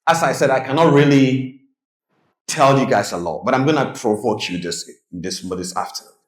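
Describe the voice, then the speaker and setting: A man's voice: mid-range voice, normal speed. A man presents to a live audience in a hall, with a voice set in the middle of the male range. He tells stories and keeps checking that the crowd is following. The room gives his voice a roomy, echoing sound. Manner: storytelling, engages audience with questions. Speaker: speaker on trading psychology. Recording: roomy echo.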